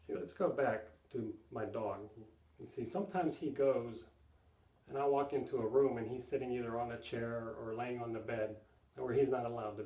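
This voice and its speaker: A man's voice: medium pitch, warm tone, echoey room, far from the mic, poor audio. A man giving an earnest sermon-style teaching, plainly explaining with repeated asides to his listeners. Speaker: preacher.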